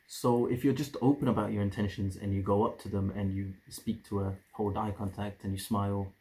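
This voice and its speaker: A man's voice: fairly low pitch, flat delivery, fairly quick, mellow, poor audio. A young man giving casual dating advice in a rambling way, often restarting and repeating his phrases.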